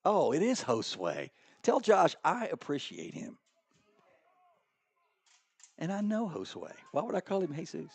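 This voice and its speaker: A middle-aged man doing play-by-play commentary for a school soccer match, joking around and bursting into excited high calls. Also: unhurried, vocal fry, long pauses, breathy edge. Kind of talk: local sports commentary.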